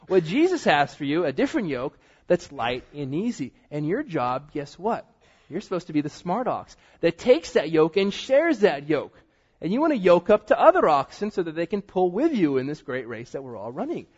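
A man preaching a sermon in a lively way, sometimes dropping to a quiet, stressed delivery. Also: sits high, breathy edge. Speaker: pastor. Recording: dull sound with long hall reverb.

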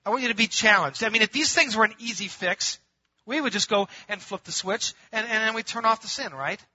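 Pastor guy preaching, husky and kinda high, goes loud then real quiet, dull muffled sound. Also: brisk, dry recording. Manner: animated, swings from loud emphatic bursts to quiet intimate pleading; calls the congregation "gang", laughs between points. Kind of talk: sermon.

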